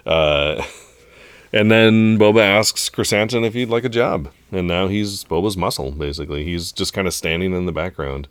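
A man co-hosting a podcast, recapping a show in casual chat, relaxed and laughing often. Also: low voice, moderate pace, clear, resonant tone, no room sound. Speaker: podcast co-host.

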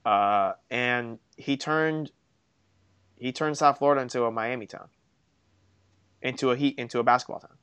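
A young man co-hosting a casual sports podcast, telling stories in an animated, self-mocking way. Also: mid-range voice, moderate pace, long pauses, smooth, lo-fi sound. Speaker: podcast co-host.

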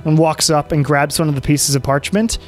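A man narrating as game master in a relaxed, halting way, full of fillers, over faint music. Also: a little high.

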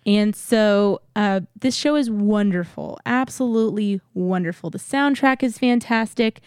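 Lady cohost chatting about a park show, mid pitch, dry mic. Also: unhurried, a little mellow, clear, resonant tone, no echo. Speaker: podcast co-host. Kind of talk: casual chat.

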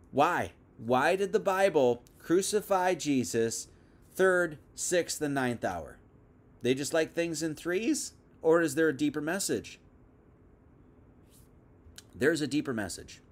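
A young man leads a loose, talky Bible lesson in a slightly higher-than-usual voice. He wanders into asides and restarts, teaching as if chatting with viewers on a livestream. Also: animated, slow, pauses often. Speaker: preacher. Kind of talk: casual teaching sermon.

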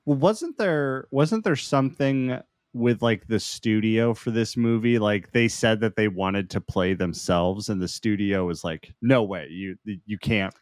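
A podcast co-host chatting casually about movies, relaxed and often giggling. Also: medium pitch, measured pace, few pauses, no echo, clean studio sound.

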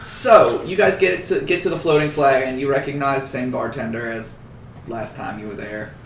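A man's voice: medium pitch, moderate pace, a little hiss or hum. Game master man on a distant mic. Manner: casual, joking. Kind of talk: narrating a tabletop game. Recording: roomy, distant shared mic.

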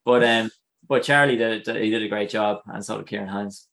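Chatty Irish actor, easy laughs. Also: male voice, fairly low pitch, steady tone, normal speed, vocal fry, fairly bright tone. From Ireland. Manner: chatty, laughs often, many fillers. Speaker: guest actor. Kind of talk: casual interview chat.

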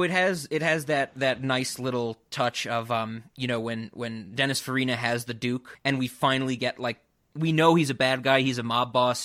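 Man, casual podcast co-host, bright forceful voice, laughs a lot; good for chatty film talk. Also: medium pitch. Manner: chatty, laughs often, acts out film lines. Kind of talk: casual movie discussion.

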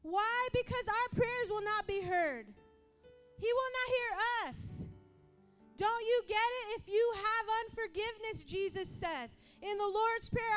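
Woman preacher, very high voice, impassioned sermon, acts out voices, soft music behind. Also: normal speed. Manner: impassioned, rising to yelling.

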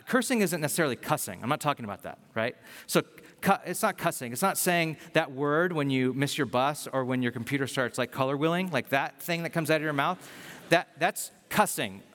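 A man preaching a sermon as a pastor, in a conversational, self-deprecating way with animated storytelling. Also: a little high, normal speed, in a large hall.

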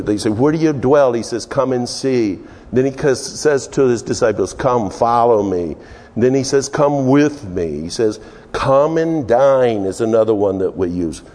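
A middle-aged man from Texas, preaching with lively storytelling and chuckles. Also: on the low side. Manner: animated storyteller, chuckling, acting out voices. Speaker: pastor. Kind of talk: storytelling sermon. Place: church sanctuary. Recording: reverberant church hall.

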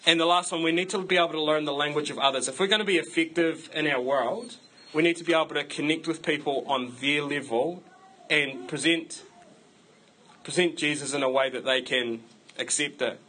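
Male pastor, slightly high and bright voice, conversational sermon, faint ambience behind. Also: brisk, a little hiss or hum, poor audio. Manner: conversational, self-deprecating humor.

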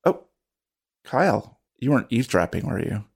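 A man's voice: medium pitch, big pitch swings, normal speed, gravelly, husky, exaggerated voice. A man voicing a chatty, gossipy middle-aged aunt who talks in a breezy way.

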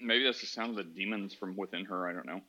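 A man hosting an online chat, joking around and asking quick questions. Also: low voice, sharp tone, dull audio. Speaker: podcast host.

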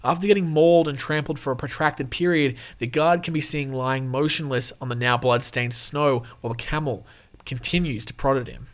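A man's voice: medium pitch, steady tone, a little fast. A man hosting his own show, reading out animal news stories with casual, irreverent jokes. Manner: irreverent, jokey, laughs often. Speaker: show host.

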